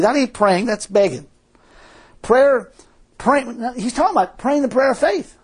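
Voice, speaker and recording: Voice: medium pitch, expressive, moderate pace, slightly rough. A preacher giving a sermon in a folksy, emphatic, colloquial way, full of rhetorical questions.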